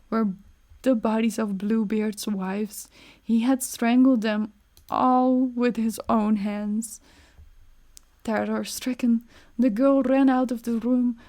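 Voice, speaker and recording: Soft-spoken woman telling a bedtime story. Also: fairly high pitch. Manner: soft, slow and gentle. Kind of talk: soothing bedtime story narration.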